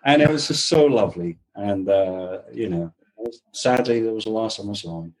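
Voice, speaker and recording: A man guest on a video-call interview, reminiscing in a halting way with repeated words. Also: fairly low pitch, lively intonation, a little mellow, low-quality recording. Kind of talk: casual interview chat.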